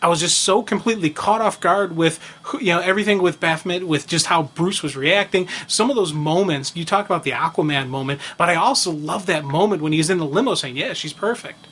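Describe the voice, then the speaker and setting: A man's voice: on the high side, fast, hardly any pauses, a bit bright, breathy edge. A man co-hosting a podcast in casual chat, talking with rambling enthusiasm and many fillers. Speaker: podcast co-host.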